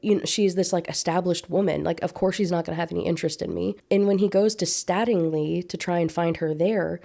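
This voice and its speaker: A woman recapping a classic novel in a chatty, gushing way, jumping up in pitch to quote the characters and reading passages aloud. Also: steady tone, a little fast, vocal fry, mellow. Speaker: book reviewer. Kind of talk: casual book recap with read-aloud passages.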